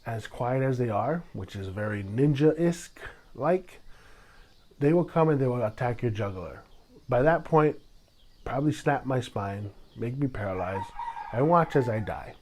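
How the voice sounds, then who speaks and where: A man from Hawaii hosting a solo podcast, talking at an ordinary middle pitch. He rambles through his stories and turns dramatic, breaking into sudden loud bursts. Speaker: podcast host. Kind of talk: solo casual podcast talk.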